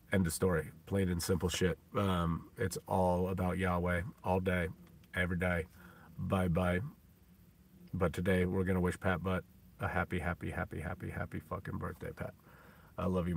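A man's voice: low voice, a little hiss or hum. A man talking in a rambling, profane vlog monologue from a parked car, full of ums and laughs. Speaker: vlogger.

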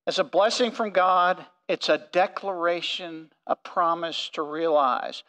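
Man pastor giving a sermon, high voice, slows down to hit the big words, echoey church hall. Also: a bit bright. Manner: earnest, emphatic preaching with slow stressed phrases. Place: church sanctuary.

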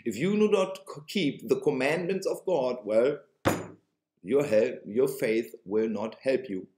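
An online religious video host with a German accent rants to camera like a preacher, sarcastic and emphatic, repeating his points. His warm voice swoops widely in pitch and moves a little slowly, and he's animated throughout. The echoey room gives it a roomy ring, with a little hiss or hum underneath.

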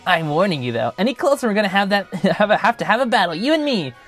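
A man putting on the voice of an eager, boastful young male rival trainer from a game, in a high, bouncy voice. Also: very animated, fast talker, a bit bright, faint music behind, heavily acted. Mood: cocky.

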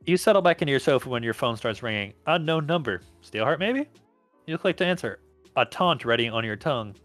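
A man's voice: mid-range voice, lively intonation, fairly quick, a bit bright, soft background music. A man hosting and reading aloud an interactive story game, casual, stumbling over words and laughing along.

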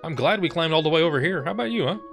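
A man playing a game for the first time comments on it in a slightly high, expressive, rapid-fire voice that is creaky and a bit bright. This let's player reads the characters' lines in playful theatrical voices and swears casually, with faint game music behind him.

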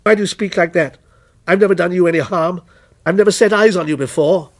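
A man's voice: high-pitched, a little fast, voice pushed up. A man voicing a frightened male writer who stammers and protests, in a dramatic story reading.

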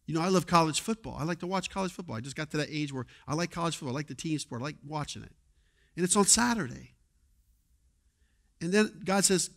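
A male pastor preaching a sermon in a conversational way, moving between quiet asides and loud exhortation. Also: a little high, very animated, brisk. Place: church sanctuary.

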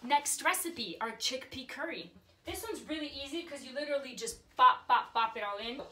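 A woman's voice: high voice, expressive, moderate pace, bright, forceful tone. A young woman vlogging in her home kitchen, chatting casually and poking fun at herself as she cooks. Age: young adult. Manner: bubbly, self-deprecating chatter while cooking. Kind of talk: casual chatty cooking vlog. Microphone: camera on selfie stick.

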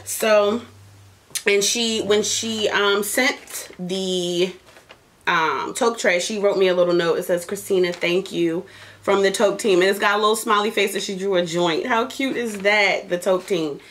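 A woman's voice: medium pitch, fairly even intonation, a little slow, fairly bright tone. A woman hosting a casual podcast while smoking, talking bluntly and profanely, joking, with laughs and coughs. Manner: laughs and coughs between lines. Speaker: podcast host.

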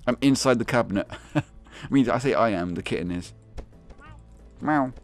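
A young man giving excitable, swearing commentary on a game, laughing often and yelping in high squeaks. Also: fairly quick, music in the background. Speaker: gaming video host.

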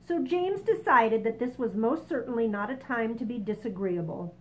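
Expressive woman reading a children's book. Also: fairly high pitch, normal speed, few pauses, rough recording. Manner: expressive, self-correcting. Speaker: story reader.

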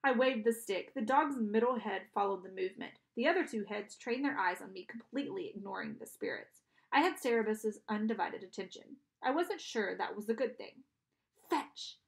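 A woman reading a children's novel aloud in an expressive narrating style. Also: medium pitch, fairly quick, gravelly. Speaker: audiobook reader. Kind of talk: storybook narration.

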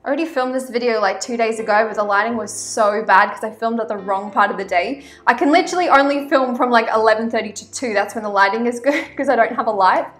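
High-voiced chatty Australian woman vlogger. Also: fast talker, hardly any pauses, a bit bright, roomy sound. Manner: chatty and rambling, many "um" and "like" asides. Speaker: spiritual vlogger reading oracle cards. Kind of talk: casual vlog with oracle card reading.

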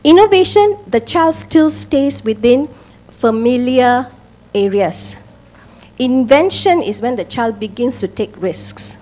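Woman presenter, fairly high voice, emphatic talk to parents with frequent check-ins. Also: animated, slow pace, a little mellow. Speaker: speaker at a parents' education talk.

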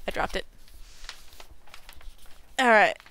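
A young woman hosting a casual unboxing video, bubbly and excitable, tripping over her words as she gushes. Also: slow. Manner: bubbly and excitable, gushing with stumbling repeats. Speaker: unboxing channel host.

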